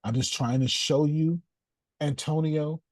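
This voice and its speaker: A man teaching in a preaching style, animated, repeating phrases and calling listeners by name. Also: fairly high pitch, unhurried, no room sound. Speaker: host and teacher.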